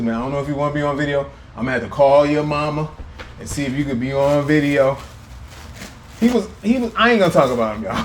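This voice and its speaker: A man's voice: fairly high pitch, darkish tone, a little hiss or hum. A man hosting a casual food vlog, playful and teasing as he talks to viewers at home. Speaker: food vlogger. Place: indoors at home.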